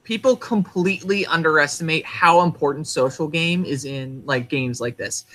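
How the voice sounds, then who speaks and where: A man with a slightly high, bright, forceful voice. He talks analytically and hedges often with "like.". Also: moderate pace. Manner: analytical, hedging with "like". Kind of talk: casual chat.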